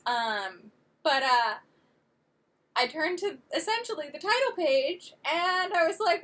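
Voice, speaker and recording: A young woman co-hosting a casual chat, telling stories with animated, teasing delivery. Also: high voice, takes it slowly. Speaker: podcast co-host. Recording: distant mic.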